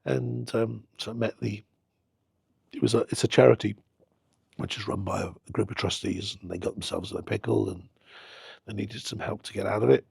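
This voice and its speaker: A man's voice: on the low side, brisk, gravelly, breathy edge, no echo. A middle-aged man, a football club owner telling stories in a casual interview and acting out the conversations he recalls. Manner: animated anecdote-telling, acting out quoted exchanges.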